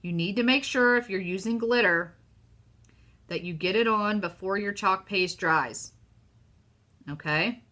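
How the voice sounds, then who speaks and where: A woman with a Southern US accent hosting a casual live craft demo, chatty and excitable as she talks to her viewers. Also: medium pitch, a little slow, long pauses. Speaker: craft host.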